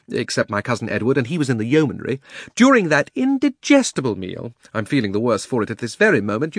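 A man voicing a pompous, indignant older gentleman who complains at length. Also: a little high, no echo, studio quality, pitched above the performer's own voice.

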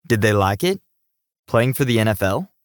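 A man voicing a big, modest young male quarterback who talks in a relaxed, gently teasing way. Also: on the low side, normal speed, dry recording, studio quality, close to an everyday voice. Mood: easygoing.

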